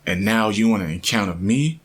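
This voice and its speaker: A man's voice: on the low side, animated, fairly quick. Stern accusing creator being, as a man puts it on.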